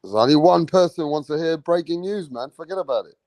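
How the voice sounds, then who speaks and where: A man hosting a casual live-stream about boxing, talking excitably and repeating himself with slang. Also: on the high side, a little fast, dry recording, poor audio. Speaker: livestream boxing host.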